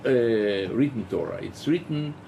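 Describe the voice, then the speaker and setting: Rabbi giving a lecture, slow and halting, lively pitch, a bit of fry. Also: male voice, a little hiss or hum. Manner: halting, with many fillers and restarts; rhetorical, acts out dialogues. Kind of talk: philosophy lecture.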